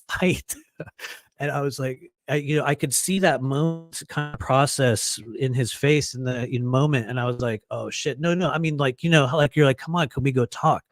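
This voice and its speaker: A man telling a personal story in a casual monologue, animated, acting out quoted voices and laughing often, with many fillers and restarts. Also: medium pitch, dry recording. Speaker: podcast host.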